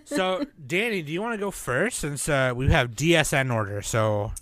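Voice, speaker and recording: Co-host, profane and teasing, animated delivery, dry close sound. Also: mid-range voice, moderate pace, dry recording. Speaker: podcast co-host. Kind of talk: casual podcast chat.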